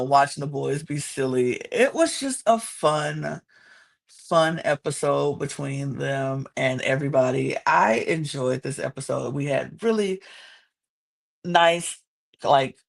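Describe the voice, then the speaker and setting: A woman hosting a podcast, recapping a reality show in casual, animated chat. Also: low voice, creaky. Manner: chatty, animated, quotes people in exaggerated voices.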